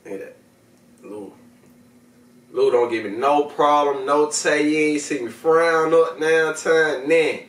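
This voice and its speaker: A man's voice: on the high side, takes it slowly, reverberant, recorded from a distance. A man hosting a vlog, chatting casually and profanely straight to his viewers in heavy slang while he reviews what he is smoking. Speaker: video host reviewing smoking products.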